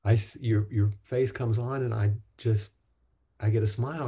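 A man leading a spiritual talk and group chanting, speaking gently and encouragingly with halting restarts. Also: on the low side, steady tone, husky. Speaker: Zen teacher.

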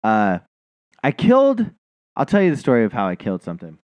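Podcast co-host, male, swearing storyteller, very lively pitch. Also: a little fast, no room sound. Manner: profane, rambling, self-mocking. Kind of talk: casual storytelling chat.

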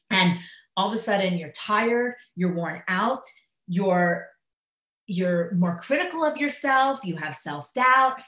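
Woman teacher, mid-pitched, animated live classroom talk, roomy echo. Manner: animated, acts out inner voices, many fillers. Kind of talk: live lecture on Jewish thought. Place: classroom at a school.

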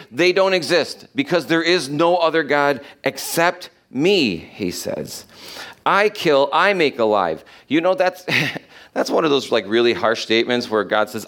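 A man preaching a sermon, reading scripture aloud and explaining it, slowing down to stress key verses. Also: fairly high pitch, lively intonation, fairly bright tone. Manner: emphatic, slows down to stress quoted verses.

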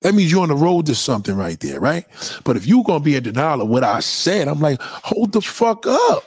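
A man's voice: on the high side, big pitch swings, quick pace, husky, no room sound. A man giving blunt, profane opinions in a casual, emphatic rant, often repeating himself. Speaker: commentator.

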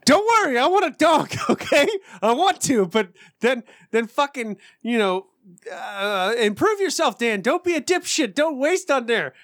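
A man in his thirties in casual chat with friends, ranting excitably and swearing a lot. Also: very high voice, measured pace, no room sound, studio quality. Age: 30s.

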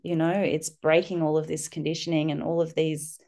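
A middle-aged woman, a guest on a parenting podcast, telling a personal story with lively, animated delivery. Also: low-pitched, moderate pace, gravelly. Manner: warm, animated storytelling, acting out children's voices.

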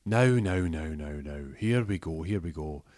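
A man's voice: low voice, brisk, a little mellow, no echo, studio quality. A man voicing a cocky, menacing small-time crook. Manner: threatening, cocky.

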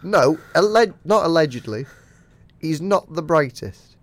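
A man's voice: fairly high pitch, lively intonation, a little slow, dry recording. Teasing male podcast co-host. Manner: teasing, chatty, laughs often. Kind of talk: casual chat.

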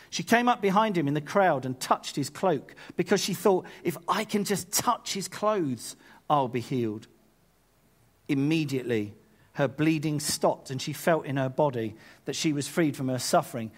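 A man preaching a sermon, retelling scripture in a lively paraphrase with casual asides. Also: on the high side, normal speed. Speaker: pastor.

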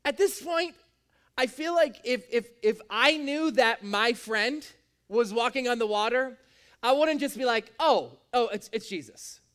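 A man's voice: measured pace, fairly bright tone, clean tone. A young man preaching a sermon to a room, in a conversational way, acting out quotes with sudden jumps in his voice. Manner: conversational, acts out quotes with big pitch jumps. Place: in a room with an audience.

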